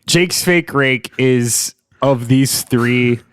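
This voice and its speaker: A man's voice: mid-range voice, very slow, a bit bright, clear, resonant tone, no room sound. A man hosting a comedy podcast, setting questions and making dry, teasing quips. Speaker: host.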